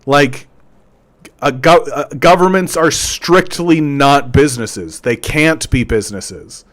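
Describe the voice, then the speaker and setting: A man's voice: mid-range voice, slow, fairly bright tone. A man hosting a political commentary show, ranting sarcastically and stumbling over repeated words. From Canada.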